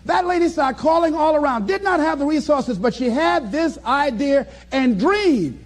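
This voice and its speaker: High-pitched animated motivational speaker, man. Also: moderate pace. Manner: animated, preacherly, acts out voices and chuckles. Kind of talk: motivational speech to an audience.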